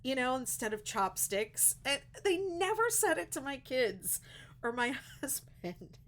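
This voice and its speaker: A woman's voice: sits high, big pitch swings, measured pace, fairly bright tone. A middle-aged woman with a Pittsburgh accent, hosting a casual crochet livestream, chatty and rambling and laughing at her own jokes. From Pittsburgh, USA.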